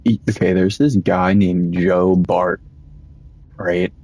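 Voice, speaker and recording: A man's voice: low-pitched, little pitch movement, slow, darkish tone, dry recording, poor audio. A young man casually commenting while he plays, rambling through stories and swearing often. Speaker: gaming streamer.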